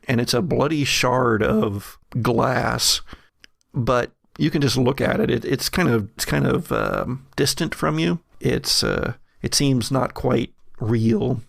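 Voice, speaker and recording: Guy running a horror tabletop game, slow and gravelly, dry close sound. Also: medium pitch, no echo. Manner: measured, halting, vivid description. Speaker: game master.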